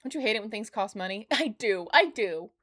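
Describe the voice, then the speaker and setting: A woman's voice: medium pitch, animated, fairly quick, fairly bright tone. A woman streaming a game, chatting casually between reading in-game notes, with giggly asides. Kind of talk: casual gaming stream commentary.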